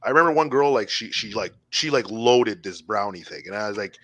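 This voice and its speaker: A man's voice: lowish voice, lively intonation, fairly quick, a bit bright, dry recording. A man co-hosting a casual live-stream chat, telling a wild story with lots of swearing and laughter. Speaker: podcast co-host.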